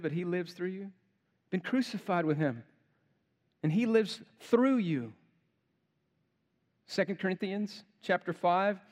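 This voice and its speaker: A male pastor preaching a sermon, emphatic, building to forceful rhetorical questions. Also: sits high. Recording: long hall reverb.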